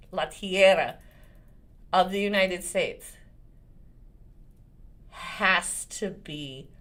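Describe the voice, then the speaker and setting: A woman in her forties, a lawyer and channel host, talking casually to camera and shifting between serious points and laughter. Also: fairly low pitch. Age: 40s.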